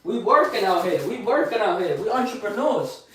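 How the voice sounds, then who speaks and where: A young man with a strikingly high voice hypes himself up in a live motivational vlog, boasting in street slang. He repeats lines over and over and keeps asking his listeners questions. His voice rings in an echoey room. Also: very animated, normal speed, a little hiss or hum. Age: young adult. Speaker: motivational vlogger.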